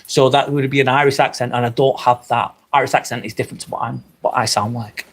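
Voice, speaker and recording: A man's voice: medium pitch, steady tone, quick pace. A man with a Lancashire accent from Northwest England, hosting a live stream and chatting casually with his viewers, swearing freely. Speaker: livestream host. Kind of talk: live stream chat reading.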